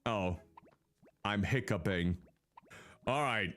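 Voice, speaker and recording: A man's voice: on the low side, takes it slowly. A man streaming a life-sim game, giving casual commentary and talking to the characters on screen. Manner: animated, talks to the game characters. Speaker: VTuber streamer. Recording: faint game music behind.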